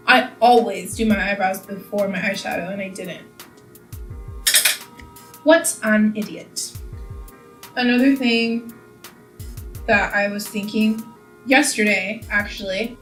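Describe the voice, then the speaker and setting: Doing her makeup on camera, a young Californian beauty vlogger talks casually and rambles, filling her speech with "like" and "you know." Her voice is mid-range with a fairly bright tone, picked up by a distant camera mic in an echoey room.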